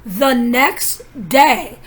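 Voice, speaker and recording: A woman's voice: sits high, expressive, drawn-out words. A woman vlogging in a rambling personal monologue, telling her story in an urgent, conspiratorial way with many asides.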